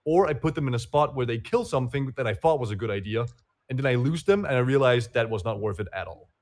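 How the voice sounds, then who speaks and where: A male guest on a casual stream talks haltingly, often restarting and playing down his own skill. His voice sits at an ordinary mid pitch. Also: animated, darkish tone. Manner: hesitant, self-deprecating, many fillers. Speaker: guest player. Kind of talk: casual livestream chat.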